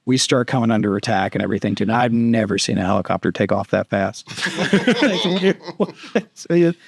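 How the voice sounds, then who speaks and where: A man's voice: on the low side, expressive, normal speed, vocal fry, slightly rough, no echo, clean studio sound. A man, a retired army captain and guest, telling long rambling war anecdotes in a casual podcast interview, padding with fillers. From United States. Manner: rambling anecdotes padded with "too" and "and everything".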